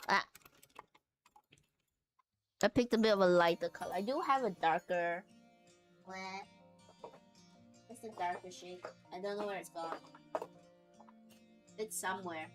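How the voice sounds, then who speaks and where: A woman's voice: medium pitch, measured pace, pauses often, soft background music. A woman chatting casually while sewing on a live stream, laughing often and greeting her chat by name.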